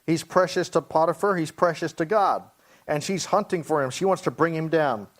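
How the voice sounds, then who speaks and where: A man, a pastor, teaching a Bible study, reading scripture slowly and explaining it in plain, everyday talk. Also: a little high. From Hawaii.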